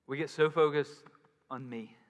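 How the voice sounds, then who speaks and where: A man's voice: fairly high pitch, fairly even intonation, normal speed. A male pastor preaching a sermon in a conversational way, acting out the voices he quotes. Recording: long reverb in a large hall.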